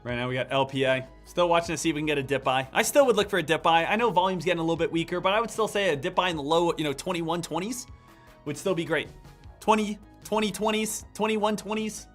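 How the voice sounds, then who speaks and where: A man hosting a live trading stream, animated and lecturing, talking straight to his chat. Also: on the high side, quick pace, soft background music. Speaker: day trading livestream host.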